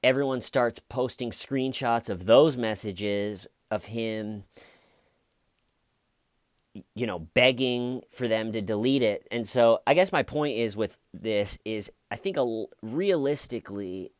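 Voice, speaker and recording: A man's voice: mid-range voice, unhurried, hardly any pauses, no echo, clean studio sound. A man talking through a true-crime story in a rambling, conversational commentary full of fillers and restarts. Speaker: commentary youtuber.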